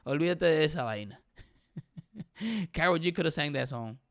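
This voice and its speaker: A young man hosting a casual talk show, excitedly giving his opinions, switching between English and Spanish and saying "bro" all the time. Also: a little high, moderate pace. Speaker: podcast host.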